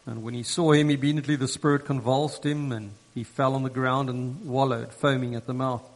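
A male preacher delivers a sermon in an earnest, measured way, stacking repeated phrases to drive each point home. His voice sits at an ordinary middle pitch. A long reverb trails his words through the large hall. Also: fairly even intonation. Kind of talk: sermon with scripture reading.

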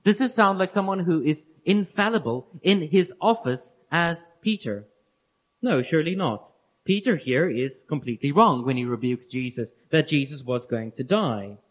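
A man gives an earnest Bible teaching talk in a voice pitched a little high for a man. He explains each point carefully and repeats key phrases for emphasis. His sentences often fall away to a soft, low finish. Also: lively intonation, normal speed. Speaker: preacher.

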